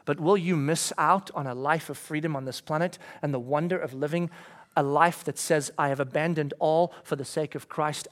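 A male pastor delivering a sermon in a high-pitched voice. He tells stories with big swings, shouting out his own panicked thoughts, then sinks to a hushed, intense hush on solemn points. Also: moderate pace. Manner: animated storytelling, acting out his own panicked inner voice with sudden shouts.

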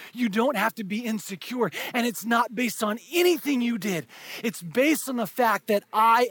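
A male pastor delivering a sermon in a strikingly high, breathy voice. He leans in with quiet, intimate asides, then builds to loud, drawn-out proclamations. The sound is close and dry, with no room echo. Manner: swings from hushed, intimate asides to shouted, drawn-out emphasis.

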